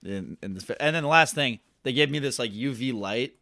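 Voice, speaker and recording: A man's voice: mid-range voice, expressive, a little fast, pushed and bright, no room sound. A young man co-hosting a podcast, telling a self-deprecating story in a rambling way full of "like". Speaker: podcast co-host. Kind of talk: casual storytelling chat.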